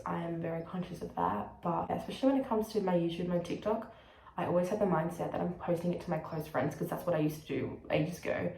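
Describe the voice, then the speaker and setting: Speaking frankly to camera, this young Australian vlogger rambles, swears, and darts into brief mock voices. She has a low, gravelly, slightly mellow voice, and the room is echoey, with some faint noise behind her.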